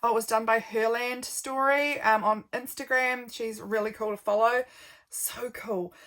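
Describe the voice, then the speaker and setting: A woman's voice: on the high side, steady tone, unhurried, fairly bright tone. A young woman with a New Zealand accent chatting casually through her journal pages, rambling with lots of ums and easy laughs. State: a little yawny. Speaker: journal vlogger.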